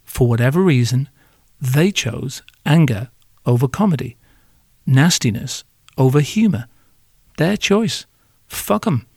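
A man's voice: mid-range voice, animated, unhurried, long pauses, a little mellow, breathy edge, no echo, clean studio sound. A man hosting a podcast, delivering advice to hospitality workers in a joking, sardonic, irreverent monologue.

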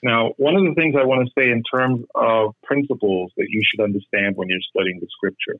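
Brief: male Bible study teacher, husky and dry, muffled phone-like sound. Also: medium pitch, no echo. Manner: measured, explanatory, repeats words when correcting.

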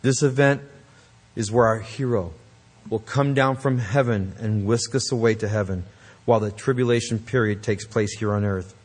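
A man's voice: fairly low pitch, normal speed. A man preaching a sermon, emphatic and earnest, with conversational asides to the congregation. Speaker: pastor.

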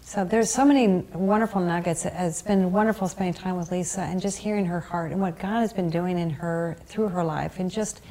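A woman hosting a faith podcast, speaking in an encouraging, affirming way and halting now and then. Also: on the low side, dark tone. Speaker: podcast host. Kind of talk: casual faith conversation.

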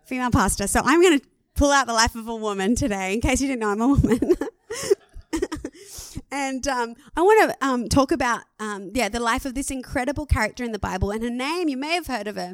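An Australian woman pastor preaching a sermon in a lively, conversational way, laughing at herself now and then. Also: a little high, fast, dry recording.

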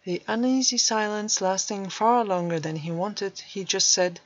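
A woman narrating a storybook in a measured, even way. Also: medium pitch, no room sound. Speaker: audiobook narrator. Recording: dull dry recording.

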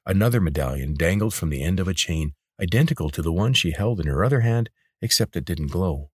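A man narrating a fantasy audiobook in a steady, measured storytelling manner. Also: low voice, slightly rough, no room sound, studio quality.

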